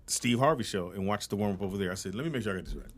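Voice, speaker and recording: A man telling a story in casual chat, animated and acting out the people he quotes. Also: lowish voice, rapid-fire. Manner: animated, acts out quoted people, laughs often. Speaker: podcast co-host telling a story.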